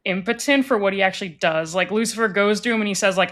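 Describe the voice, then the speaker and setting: A woman guesting on a relaxed chat podcast speaks at an ordinary pitch. She rambles through her points, piling in filler words as she goes. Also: fast, hardly any pauses. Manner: rambling, says "like" constantly.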